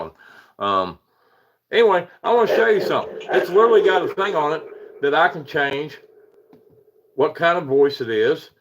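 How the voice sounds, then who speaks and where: With a voice on the high side and a fairly bright tone, this Eastern US paranormal livestream host talks animatedly at a moderate pace. The audio is dull with slight background noise as he rambles, chuckles at himself, and greets chatters by name.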